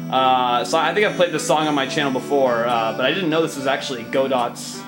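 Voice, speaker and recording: A man's voice: medium pitch, brisk. Chatty young man hosting a game playthrough. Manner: chatty, rambling, self-correcting. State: raspy voice. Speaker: let's play host. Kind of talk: casual game commentary, reading dialogue aloud. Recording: echoey room with game music.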